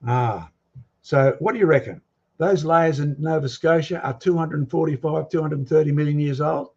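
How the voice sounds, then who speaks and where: A man's voice: on the high side, darkish tone. Emphatic man lecturing, dull lo-fi sound. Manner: emphatic, quizzing the audience with provocative questions. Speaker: guest lecturer. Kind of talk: lecture with slides to a live audience.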